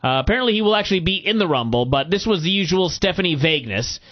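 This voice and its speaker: A man hosting a podcast, recapping a wrestling show in casual, profane, animated chat. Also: high-pitched, quick pace. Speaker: podcast host. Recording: muffled lo-fi recording.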